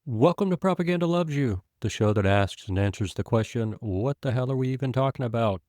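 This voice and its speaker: A man's voice: mid-range voice, expressive, fairly quick, a little mellow, dry recording, clean studio sound. Confident man co-hosting a podcast. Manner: smooth, confident delivery. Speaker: podcast co-host, teacher. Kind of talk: casual podcast chat.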